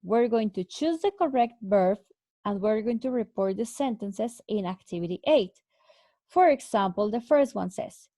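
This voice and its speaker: A woman teaching an English lesson, explaining answers slowly and clearly with repeated examples. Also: medium pitch, animated, no room sound. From Mexico. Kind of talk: recorded online English lesson.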